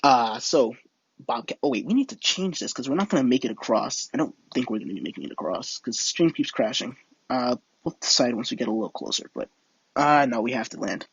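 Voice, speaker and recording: A man's voice: medium pitch, expressive, fairly quick, husky, no room sound, highs cut off. A young man streaming a flight game, telling a rambling made-up story and chatting with viewers, full of fillers and restarts. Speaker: livestream gamer. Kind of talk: casual live-stream chat and storytelling.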